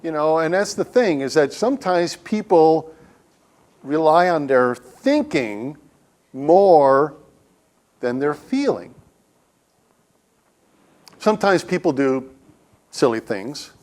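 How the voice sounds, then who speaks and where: A man's voice: a little high, sing-song, slow, pauses often, darkish tone. Man giving a jokey sermon. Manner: humorous storytelling, acts out quotes. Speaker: guest speaker. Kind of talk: conversational sermon. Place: church sanctuary.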